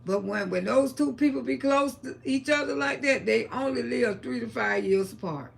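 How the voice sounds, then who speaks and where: A woman's voice: a little high, normal speed, gravelly. A woman, telling blunt, salty family stories on a casual livestream. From Florida, USA. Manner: blunt, salty, talks about God and family. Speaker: livestream host.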